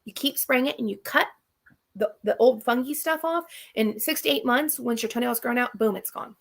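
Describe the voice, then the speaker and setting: A woman hosts a live question-and-answer stream in an easy, chatty way. Her voice sits fairly high with a gravelly, fry-touched edge. She gives practical advice and hammers her main points home by repeating them. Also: normal speed. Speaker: channel host. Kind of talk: live Q&A chat.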